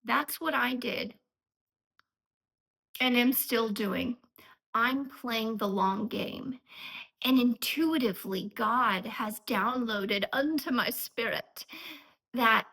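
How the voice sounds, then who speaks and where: A woman's voice: fairly high pitch, slow pace, pauses often, sharp tone, poor audio. A woman talking to camera in an earnest, emotional, rambling personal vlog. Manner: frequent fillers and restarts. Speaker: vlogger.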